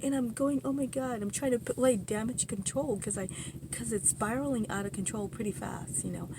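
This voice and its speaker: Brief: woman storyteller, low gravelly voice, rambling and indignant, lots of asides. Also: heavy background noise. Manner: rambling, full of "you know" asides and restarts; indignant, animated retelling. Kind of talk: casual personal storytelling.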